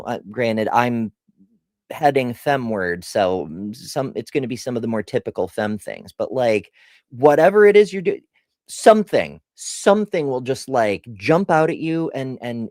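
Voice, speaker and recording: A middle-aged woman with a rumbling low, darkish voice chats through a casual livestream Q&A, captured dry at studio quality. She drifts onto tangents and jokes at her own expense, laughing and restarting a lot.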